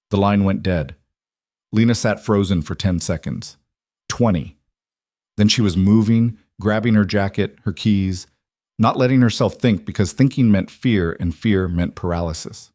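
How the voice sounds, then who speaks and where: A man with a low voice reads a dark story in a measured, steady way. The sound is dry and close, with nothing of the room in it. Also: dry recording. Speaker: narrator. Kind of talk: scripted story narration.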